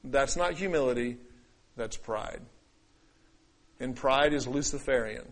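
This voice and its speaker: A man preaching a sermon, acting out quoted voices and scripture, swinging between loud declaiming and quiet asides. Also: medium pitch, measured pace. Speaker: pastor.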